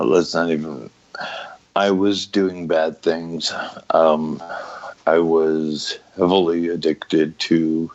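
A man's voice: extremely low pitch, a little mellow, lo-fi sound. A middle-aged man, a former pro wrestler, talking candidly in an interview, raw and profane, stopping and restarting often.

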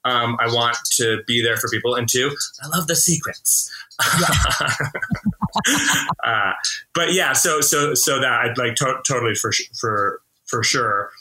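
A man comedian hosting a podcast, talking openly in a halting way with many restarts. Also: mid-range voice, pushed and bright, slight background noise, poor audio. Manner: halting, full of restarts and fillers. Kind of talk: casual podcast chat.

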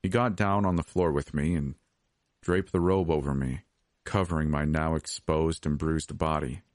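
Deep-voiced man narrating a horror story. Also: fairly even intonation, normal speed, no room sound, studio quality. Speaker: podcast narrator.

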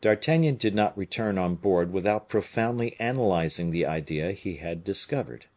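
A man narrates a classic novel for an audiobook in an expressive, even-paced way. His voice sits very low, yet his phrasing moves with a lively rise and fall. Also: moderate pace. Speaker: audiobook reader.

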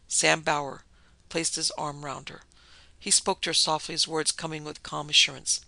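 A man narrating a dark story in a measured, dramatic way. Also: fairly high pitch, level tone, creaky, dry recording, low-quality recording.

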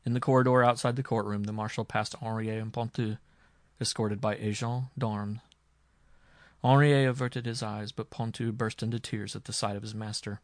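A man narrates a historical tale aloud with dramatic expression. His voice is low and steady. The recording is dry, with no room sound. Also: normal speed, dry recording. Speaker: audiobook reader. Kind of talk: scripted narration.

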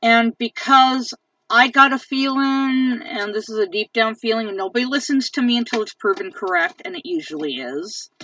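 A woman's voice: on the high side, moderate pace, gravelly, bright, forceful tone, dry recording. A woman venting in an angry monologue, repeating herself and swearing for emphasis. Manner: angry, repetitive ranting; profane, emphatic. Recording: dull lo-fi sound from a distance.

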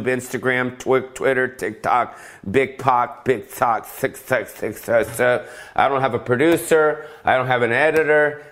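Male solo podcast host, goofy profane rambler, drawn-out stammers, mid pitch. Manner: drawn-out stammers and repeated filler sounds. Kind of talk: solo comedic rant.

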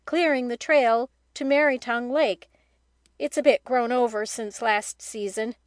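A hearty middle-aged father who talks in brisk, cheerful bursts, read by a woman in an audiobook. The voice is fairly high and recorded dry and close. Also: steady tone, dry recording, natural voice. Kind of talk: audiobook reading.

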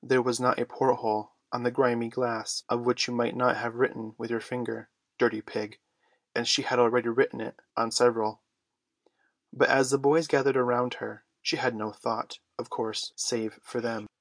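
A man reading a children's story aloud in an even, measured way. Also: mid-range voice, dry recording, clean studio sound. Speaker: audiobook reader. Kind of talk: storybook narration.

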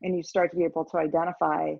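A woman guest in an interview, telling stories in a rambling, animated way. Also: deep voice, racing, vocal fry, breathy edge, dry recording, lo-fi sound. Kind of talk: conversational storytelling.

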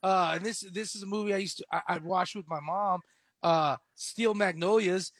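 Animated high-voiced man hosting radio. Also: moderate pace, dry recording, studio quality. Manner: animated storyteller, acts out movie scenes. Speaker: radio show host. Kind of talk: casual comedy radio chat.

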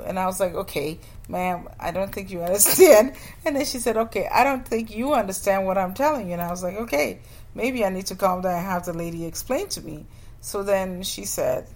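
A woman who runs a childcare business, casually telling a story in an animated way and acting out the people she quotes. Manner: animated, acts out quoted people with jumps in pitch.

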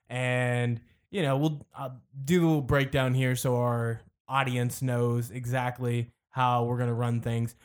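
A man's voice: medium pitch, smooth. A man hosting a sports podcast, chatting casually and loosely, with plenty of fillers and restarts. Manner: relaxed, rambling with fillers and restarts. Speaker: podcast host.

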